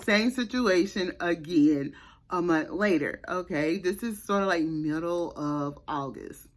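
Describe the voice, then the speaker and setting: A woman's voice: on the low side, a little slow. A woman vlogger telling a personal story in a casual, chatty way, full of restarts and asides to her viewers.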